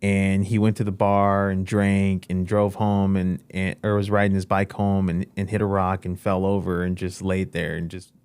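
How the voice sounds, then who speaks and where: Male host, low register, animated personal storyteller; dry, close recording. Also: moderate pace, few pauses, clear, resonant tone, dry recording. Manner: animated storyteller, acts out his own lines. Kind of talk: casual storytelling.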